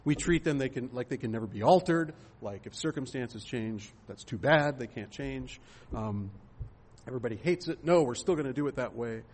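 A man's voice: mid-range voice, expressive, normal speed, slightly rough. A man pastor giving a sermon in a conversational way, asking rhetorical questions and using fillers.

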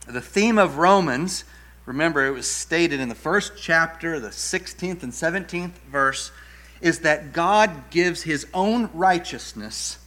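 A man's voice: medium pitch, pushed and bright. A middle-aged male pastor preaching an earnest teaching sermon, stumbling over restarts and repeated words and leaning hard on key words for emphasis.

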